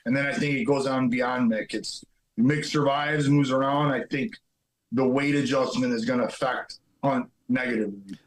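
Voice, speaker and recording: Male fighter guest, mid-pitched, blunt and halting, stumbles over his words. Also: steady tone, low-quality recording. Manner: blunt, halting, repeats words while thinking. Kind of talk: casual interview chat.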